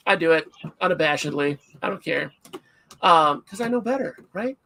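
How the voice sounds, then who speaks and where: A middle-aged man hosts a livestream in casual chat and tells stories with animated, self-mocking energy. His voice sits a little high and sounds bright and forceful, with a gravelly rasp running through it. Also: moderate pace. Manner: animated storyteller, self-mocking, acts out shouts. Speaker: livestream host.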